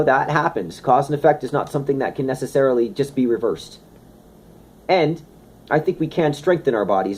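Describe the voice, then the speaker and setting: Husky man talking wellness casually. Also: mid-range voice. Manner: animated, conversational, slips into playful impressions. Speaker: wellness speaker. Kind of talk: casual talk.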